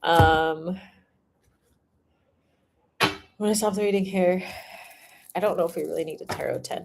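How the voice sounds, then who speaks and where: Laughing, low-voiced woman with a gravelly edge. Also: noisy background. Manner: laughs often, swears casually, drifts into humming. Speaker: tarot reader. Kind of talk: casual livestream chat.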